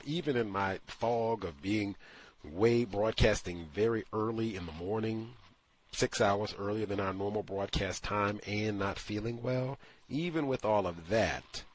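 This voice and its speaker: A call-in talk show host with a fairly low, husky voice delivers an opinionated radio monologue. He is emphatic and incredulous, acting out quotes as he goes.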